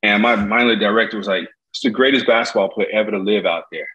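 A middle-aged man from Indiana telling a story as an interview guest, acting out the voices in it with big jumps in pitch. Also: fast talker, muffled recording. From Gary, Indiana. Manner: lively storyteller, acts out quotes with jumps in pitch. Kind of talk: animated storytelling.

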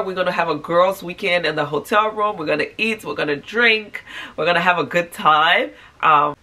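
Congested woman vlogging from bed. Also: pushed and bright. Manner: low-energy, tired, chatty. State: congested, stuffy nose. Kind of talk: casual morning vlog talk to camera. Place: at home in bed.

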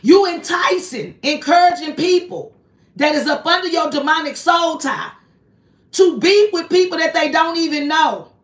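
A woman with a high voice runs a confrontational live stream, pressing one target with repeated accusing rhetorical questions in a preachy tone. She sits back from the mic, and the room around her sounds echoey. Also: lively intonation, normal speed. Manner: preachy, invokes God. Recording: roomy echo, voice distant from the mic.

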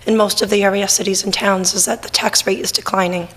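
Hoarse woman explaining property values. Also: medium pitch, little pitch movement, fast talker, fairly bright tone, low-quality recording. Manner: patient, explanatory. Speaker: town assessor. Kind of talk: explaining at a public meeting. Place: town hall meeting room.

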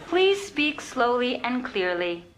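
An actress playing a polite automated elevator voice that gives calm, formal, repeated prompts. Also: female voice, a little high, slow.

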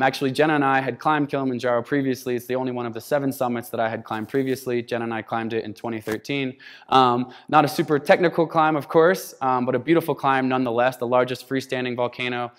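A man's voice: mid-range voice, fairly even intonation, fast talker. A man in his thirties giving a storytelling keynote talk, animatedly acting out quoted dialogue. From United States. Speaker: keynote speaker. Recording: hall reverb.

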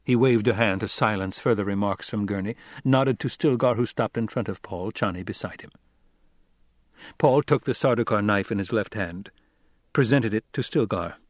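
A man reading scripted audiobook narration in a measured, even storytelling manner. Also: fairly low pitch, no room sound, studio quality.

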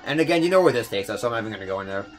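A young man giving casual gameplay commentary, fast-talking, swearing, often stumbling over words. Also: fairly low pitch, animated, faint music behind. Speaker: let's player.

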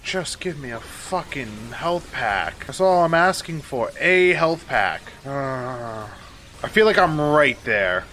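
A man's voice: mid-range voice, lively intonation, slow, bright, forceful tone. A man giving casual let's-play commentary, exasperated and swearing often as he talks back at the game. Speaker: gaming YouTuber.

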